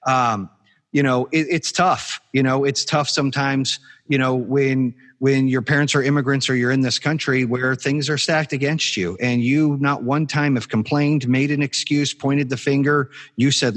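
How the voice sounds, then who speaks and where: A man's voice: medium pitch, steady tone, moderate pace, fairly bright tone. A man hosting a podcast interview, speaking in an encouraging, motivational way in casual chat. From Arizona, USA. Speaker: podcast host.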